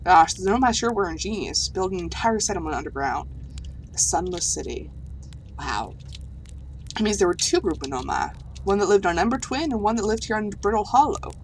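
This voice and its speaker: Woman putting on a space-scared alien archaeologist, bad southern drawl, rambly and wide-eyed, middle pitch. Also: fairly quick, a little hiss or hum, close to an everyday voice. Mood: amazed. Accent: put-on southern US. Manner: earnest, rambling, easily amazed. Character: timid, curious alien archaeologist, afraid of space. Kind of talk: reading game dialogue aloud.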